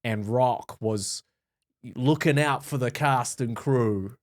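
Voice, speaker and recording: A man co-hosting a movie podcast, opinionated and animated, swearing casually as he chats. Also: medium pitch, slow pace. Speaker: podcast co-host. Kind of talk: casual movie-review chat.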